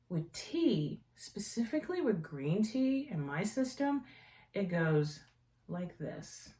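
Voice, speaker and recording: A woman with a lowish voice hosts a casual tea vlog, rambling happily and gushing over products she loves. She sits back from the mic, and the room adds a noticeable echo. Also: very animated, slow, distant mic. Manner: rambling, warm-hearted enthusiasm for products. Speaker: tea vlogger and host. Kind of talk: casual chatty review. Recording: echoey room, voice away from mic.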